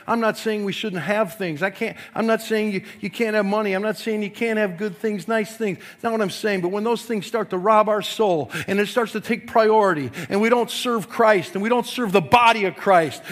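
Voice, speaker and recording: High-voiced man preaching with force. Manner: forceful preaching, swings from quiet to yelling. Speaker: pastor. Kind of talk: sermon.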